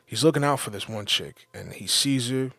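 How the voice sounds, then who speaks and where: A man's voice: medium pitch, normal speed, gravelly, sharp tone, no echo. A man hosting his own podcast, delivering a casual, profane, heated commentary with emphatic repetition. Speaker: podcast host.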